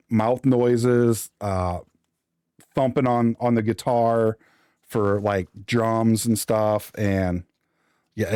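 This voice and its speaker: A man's voice: on the low side, a little mellow, dry recording. Chatty man streaming live, dry sound. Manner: chatty, teasing, thinks aloud while building. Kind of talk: casual live-stream chat.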